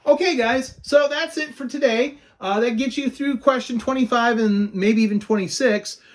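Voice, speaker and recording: A man's voice: extremely high pitch, normal speed. A male history teacher giving a recorded lecture, repeating key notes and asking questions that he answers himself. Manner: asks the class questions and answers them himself.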